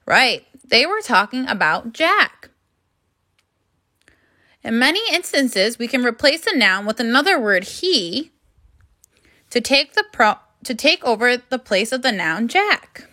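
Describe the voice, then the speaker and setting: Woman teacher doing a phonics lesson for young kids, slow and careful, kinda high voice. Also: very animated, pushed and bright. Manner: slow, careful, encouraging classroom delivery.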